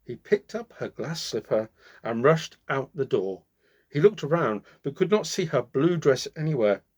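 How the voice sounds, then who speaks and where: A man reading a fairy tale aloud, with slow, expressive pacing and dramatic pauses. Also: mid-range voice, husky. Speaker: storyteller.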